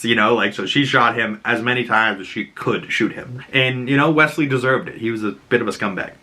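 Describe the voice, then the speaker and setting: Young guy doing a show recap, super chatty slangy, bright tone. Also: medium pitch, moderate pace, hardly any pauses. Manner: chatty, slangy, lots of "you know, like". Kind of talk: casual recap commentary.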